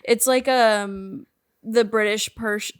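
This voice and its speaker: A woman's voice: fairly high pitch, fairly even intonation, takes it slowly, smooth. A young woman co-hosting a podcast, laid-back with dry jokes in casual chat. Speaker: podcast co-host.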